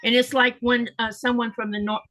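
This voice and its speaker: Chatty higher-voiced woman storyteller. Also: little pitch movement, fairly quick, sharp tone. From Florida. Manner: chatty storyteller, reads viewer comments aloud. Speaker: host of a sewing live stream. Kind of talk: casual chat while sewing.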